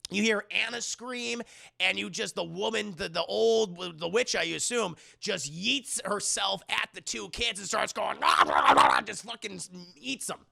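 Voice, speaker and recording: Gravelly, profane young man recapping a film. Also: sits high, a little slow, dry recording, studio quality. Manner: profane, animated, addresses the chat. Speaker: film reviewer streaming to a live chat. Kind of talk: casual comic plot recap.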